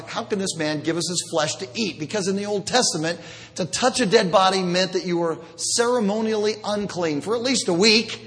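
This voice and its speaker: Animated preaching man in echoing hall. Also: a little high. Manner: animated, jokey preaching with sudden loud bursts. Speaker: pastor. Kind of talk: sermon.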